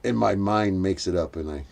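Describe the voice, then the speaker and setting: A man's voice: low voice, moderate pace, creaky, a little mellow. An older man hosting a late-night livestream, rambling, swearing and cackling at his own jokes, punch-drunk from lack of sleep. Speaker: livestream host.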